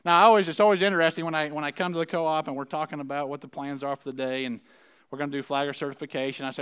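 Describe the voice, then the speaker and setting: Middle-aged man preacher, folksy and chatty, smooth, slightly high voice. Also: fast talker, fairly bright tone. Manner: conversational, folksy, checks in with the audience often. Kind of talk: sermon.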